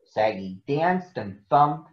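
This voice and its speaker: A man reading a picture book aloud to children in a gentle, expressive way. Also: mid-range voice, takes it slowly. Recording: echoey, muffled room recording.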